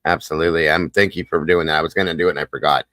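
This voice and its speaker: A man's voice: a bass voice, fairly even intonation, very fast, a bit bright, no echo. A man with a Southern US accent hosting a casual livestream chat, folksy, repetitive and upbeat. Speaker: host.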